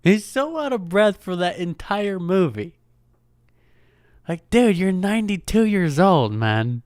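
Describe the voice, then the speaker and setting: A man's voice: high voice, very animated, slow pace, a little mellow, clean tone, no room sound, clean studio sound. A young man hosting a casual solo podcast, rambling along in a laid-back way, joking, swearing, and calling the listener "dude" and "man.". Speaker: podcast host.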